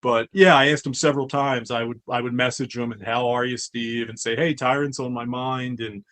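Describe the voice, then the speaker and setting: A man's voice: medium pitch, fairly even intonation, normal speed, a bit bright. A middle-aged man, a comics publisher, chatting casually as an interview guest, telling a long story with many restarts and asides.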